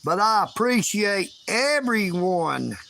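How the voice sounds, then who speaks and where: Man, high voice, slow delivery, loud, emphatic, livestream rambling. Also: very animated, gravelly, slight background noise. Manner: loud, emphatic, self-promoting. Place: his bedroom at home.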